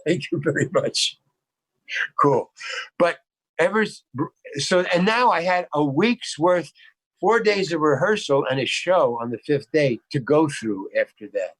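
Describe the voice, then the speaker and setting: American man spinning an animated anecdote. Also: fairly high pitch, measured pace, no echo, rough recording. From United States. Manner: animated anecdote-telling with restarts and acted-out quotes. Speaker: guest actor. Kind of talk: casual storytelling interview. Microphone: video call.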